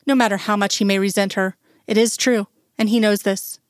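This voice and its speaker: A woman reads a story aloud in a slow, soft, emotional way. Her voice sits at a middle pitch. The sound is dry and close. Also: fairly even intonation, no echo. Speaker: reader. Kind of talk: reading fan fiction aloud.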